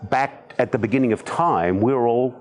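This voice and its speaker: A man in his sixties with an Australian accent, a podcast guest telling stories in conversation with animated, self-deprecating humor. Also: medium pitch, normal speed. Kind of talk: conversational storytelling.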